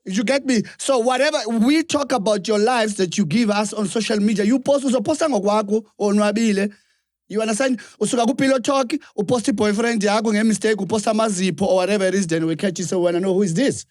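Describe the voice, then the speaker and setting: A man's voice: high-pitched, fast, no room sound, studio quality. A South African man co-hosting a live podcast Q&A, explaining at length, mixing English and Zulu and repeating himself. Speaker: podcast co-host.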